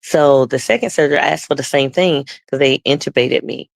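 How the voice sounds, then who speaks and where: A woman's voice: low-pitched, fairly quick, gravelly, dry recording. A woman guest telling her personal faith testimony, acting out the people in her story and often losing her words and restarting. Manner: loses her words and restarts mid-sentence.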